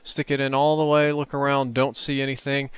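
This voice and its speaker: A man host telling a dream story over gameplay in an animated, profane way. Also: mid-range voice, fairly quick, clean tone, no echo. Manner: animated, profane, vivid retelling. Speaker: gaming channel host.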